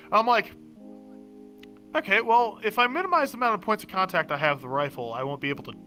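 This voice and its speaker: A young man chats casually on a podcast, with a bright, forceful tone and a slightly high pitch. He tells stories with animation, swears freely, and laughs at himself. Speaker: podcast co-host. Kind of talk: casual chat.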